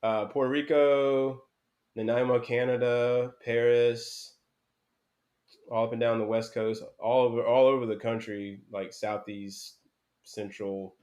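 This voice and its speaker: A young man from North Carolina talks casually as a podcast guest at an ordinary mid pitch. His speech wanders, with frequent fillers and restarts, in an easygoing conversational way. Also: flat delivery, unhurried, a little mellow. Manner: rambling, many fillers and restarts. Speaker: guest, former BMX racer.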